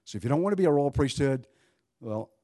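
Animated male preacher, dry close sound. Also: mid-range voice, fast talker, no room sound. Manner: animated preaching with sudden swings between loud and hushed; conversational, joking asides to the congregation. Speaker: pastor. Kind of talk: sermon.

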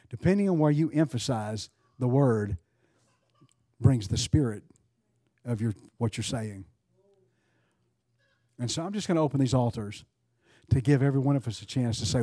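A man's voice: mid-range voice, normal speed, long pauses, no echo. A male pastor preaching a sermon, asking rhetorical questions and leading altar prayer. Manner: rises to fervent, louder prayer.

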